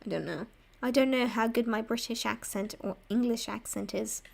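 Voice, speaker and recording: A woman's voice: fairly high pitch, moderate pace, vocal fry. A young woman chatting casually with viewers while drawing live, rambling and poking fun at herself. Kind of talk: casual livestream chat.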